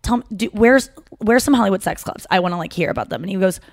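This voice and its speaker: A woman's voice: medium pitch, fast talker, no room sound, clean studio sound. A young adult woman co-hosting a podcast, chatting casually and telling stories with lots of restarts and asides. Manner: rambling, animated storytelling with self-interruptions. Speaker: podcast co-host. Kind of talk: casual chat.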